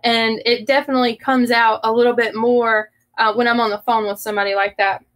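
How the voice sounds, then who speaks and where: A woman from the southern United States, with a Southern American accent, co-hosts a business talk show in a friendly, chatty manner with light laughter. Her voice is a little high, level in tone, and fairly quick, though the audio quality is poor, and the talk is casual business chat.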